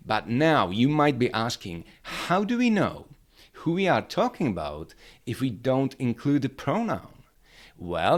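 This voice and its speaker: Guy teaching grammar to camera, lowish voice, really bouncy intonation, clear and upbeat. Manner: upbeat, clear step-by-step explaining. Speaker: language teacher.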